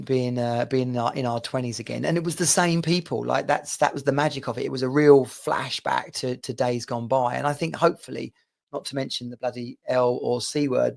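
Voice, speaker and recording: A middle-aged Englishman chats to camera in a rambling, personal monologue. His mid-pitched voice has a gravelly, creaky edge. He talks loosely, with plenty of asides and restarts. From England. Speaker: vlogger.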